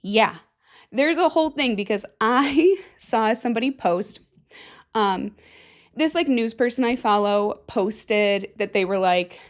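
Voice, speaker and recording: A woman's voice: a little high, unhurried. Goofy swearing woman podcast host. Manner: goofy, swearing, self-mocking. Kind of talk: casual solo podcast chat.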